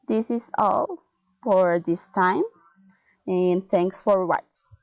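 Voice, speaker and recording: A woman reading English pronunciation and intonation drills aloud, word by word, in a slow, careful manner. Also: medium pitch, vocal fry, darkish tone. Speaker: student. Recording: dull lo-fi sound.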